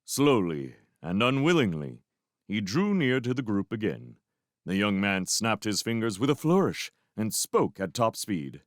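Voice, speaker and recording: Expressive, low-voiced male narrator. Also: dry recording, clean studio sound. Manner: expressive, measured storytelling. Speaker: reader. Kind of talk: fan audiobook narration.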